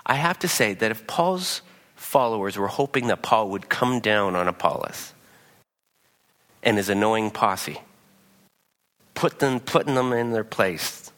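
A man's voice: on the low side, a bit bright, long reverb tail. A man preaching a sermon, telling the story with animation and acting out the quotes himself. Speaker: pastor.

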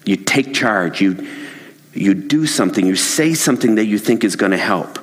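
A man with a low voice preaches, telling a story in an earnest, conversational way. His words carry a long reverb through a church hall. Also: expressive, moderate pace. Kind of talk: sermon storytelling.

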